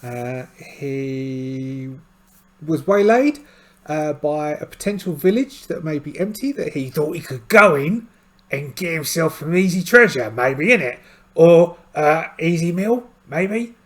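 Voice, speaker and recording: A man's voice: fairly high pitch, animated, takes it slowly. A middle-aged man narrating his solo tabletop game in a rambling, self-deprecating, casual way. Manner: chatty, self-deprecating, meandering with restarts.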